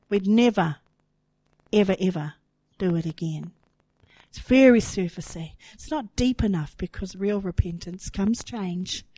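Sounding woman preaching, earnest, repeats stuff, kinda high voice, dry sound. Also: a little mellow, no echo, rough recording. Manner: earnest, emphatic repetition, voice rising with emotion. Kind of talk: sermon.

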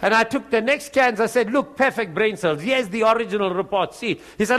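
A middle-aged man preaching a testimony, telling a story with lively acted-out dialogue. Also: high-pitched, fairly quick, hardly any pauses. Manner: animated storyteller, acts out both sides of dialogue.

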